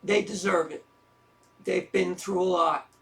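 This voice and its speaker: A man's voice: sits high, steady tone, unhurried, vocal fry, a bit bright, full character voice. An actor in an audio drama playing a self-deprecating man who talks with dry, wry sarcasm. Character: self-deprecating sarcastic middle-aged man, troubled lover.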